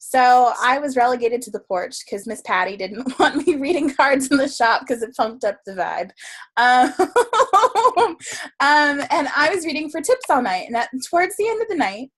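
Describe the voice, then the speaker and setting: A woman's voice: sits high, very animated, normal speed, fairly bright tone. A woman guest telling a story in a casual interview, chatty and full of fillers, laughing often. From Florida. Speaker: guest, tarot reader and writer.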